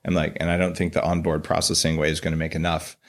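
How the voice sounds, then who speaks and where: A middle-aged man hosting a podcast interview, chatting casually and joking with his guest, with frequent halting restarts. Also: extremely low pitch, monotone. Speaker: podcast host.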